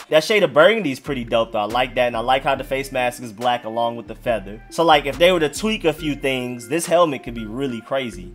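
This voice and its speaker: A man rambles through casual sports commentary in a slangy way, hedging and restarting as he thinks aloud. His voice sits at an ordinary middle pitch. Soft music plays quietly in the background. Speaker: sports fan video host.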